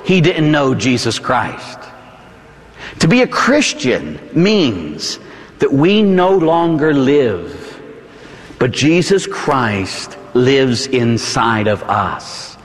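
A man's voice: medium pitch, very animated, very slow. A middle-aged man with a Pittsburgh accent, a Catholic priest giving an evening sermon with dramatic swings and folksy asides. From Pittsburgh, USA. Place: church. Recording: reverberant church hall.

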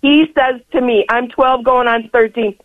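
A woman's voice: fairly high pitch, fairly even intonation, moderate pace, no room sound. Effusive older woman on a phone line. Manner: effusive, rambling, laughs often. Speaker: caller. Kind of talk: call-in radio chat.

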